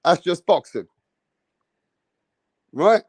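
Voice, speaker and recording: A man's voice: sits high, animated, extremely slow, breathy edge, no echo, full character voice. A man putting on a brash, swearing London boxing fan with a put-on London accent. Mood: rowdy. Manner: swearing, slangy, boisterous.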